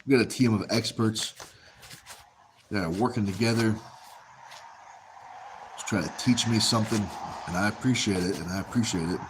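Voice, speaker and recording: A man hosting a relaxed livestream reads viewer comments aloud and answers them easily, often repeating a phrase. His lowish voice moves at a moderate pace with frequent pauses, and background noise is audible.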